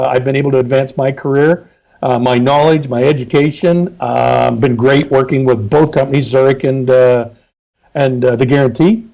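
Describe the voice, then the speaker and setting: A man's voice: medium pitch, creaky, a little mellow, low-quality recording. A middle-aged man, a trucking safety consultant, talking casually and emphatically as an interview guest.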